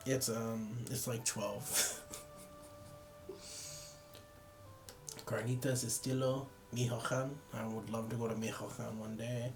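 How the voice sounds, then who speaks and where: A man's voice: medium pitch, little pitch movement, slow pace, pauses often, soft background music. Sleepy, rambling young man. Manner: rambling, self-deprecating, laughs at own jokes. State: tired, yawning. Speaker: photography vlogger. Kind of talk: casual chat.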